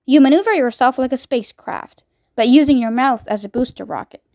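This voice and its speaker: A woman voicing an eccentric male chocolate-maker who gives brisk, fussy commands in a storybook reading. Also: high-pitched, darkish tone. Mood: commanding. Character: eccentric man chocolate-maker, bossy pilot.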